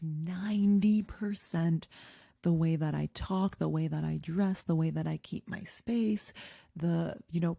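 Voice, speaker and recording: A woman in her thirties shares a personal story candidly, filling pauses with ums and likes. Her voice sits low and mellow, recorded dry and close with no room sound. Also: vocal fry, no echo. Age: 30s. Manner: candid and emotional, many fillers. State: tearful at times. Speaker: podcast host.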